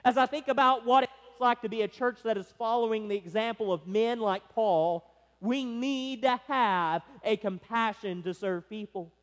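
A pastor preaching a sermon with emphatic stress, slowing down to press key words. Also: male voice, high voice, a bit bright. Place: church sanctuary. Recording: long hall reverb.

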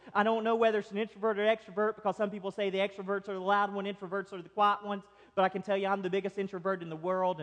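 A male pastor preaching a sermon, swinging between loud excitement and soft quiet. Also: sits high. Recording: long hall reverb.

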